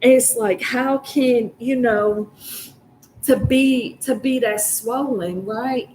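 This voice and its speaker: A woman's voice: fairly high pitch, slow, a little mellow, slight background noise, poor audio. A woman telling a personal story in a casual, rambling, profane and emotional way.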